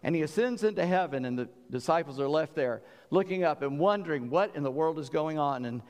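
A preacher tells his sermon with lively storytelling, acting out the voices. His voice sits fairly high for a man. Long hall reverb hangs after his words. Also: a little fast. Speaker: pastor.

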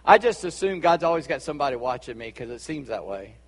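A man with a Charleston Southern accent preaching a sermon as a pastor, chatty with asides and quick laughs. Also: a little high, very animated, long reverb tail. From Charleston, South Carolina.

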